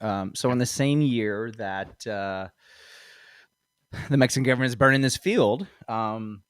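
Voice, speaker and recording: A man's voice: medium pitch, measured pace, a bit bright, smooth, no echo, studio quality. A man hosting a comedy podcast, talking in a rambling way with many fillers and frequent laughs. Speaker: podcast host. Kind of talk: casual comedy podcast chat.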